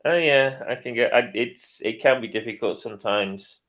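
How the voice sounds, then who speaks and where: A man's voice: mid-range voice, normal speed, phone-quality sound. A middle-aged man co-hosting a livestream, chatting casually, laughing often and reading chat comments aloud. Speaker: livestream co-host.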